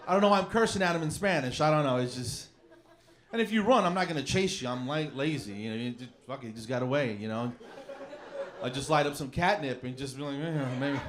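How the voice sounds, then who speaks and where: A man works through a stand-up set, rambling and mocking himself in a fairly high voice. He speaks into a handheld mic on a comedy club stage. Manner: rambling, self-mocking deadpan. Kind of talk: stand-up routine.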